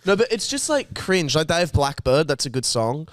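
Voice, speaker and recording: A man's voice: fairly high pitch, sing-song, moderate pace, dry recording, clean studio sound. A young Australian man in casual podcast banter, blunt, crude and swearing a lot. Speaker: co-host.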